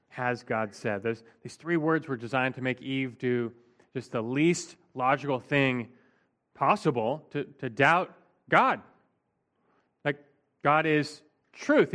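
A man's voice: on the high side, bright, forceful tone. Man giving a conversational Bible teaching. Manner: conversational, emphatic, with frequent "like". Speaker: preacher.

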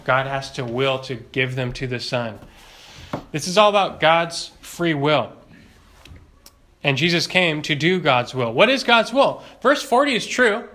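A man's voice: on the high side, big pitch swings, a little slow, bright, forceful tone. A man teaching a doctrinal Bible lesson, emphatic, asking rhetorical questions and repeating key phrases.

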